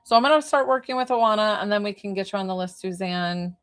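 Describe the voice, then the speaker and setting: Speaking fairly quickly in a mid-range voice, the medium keeps her live-streamed reading informal and chatty, often straying into tangents.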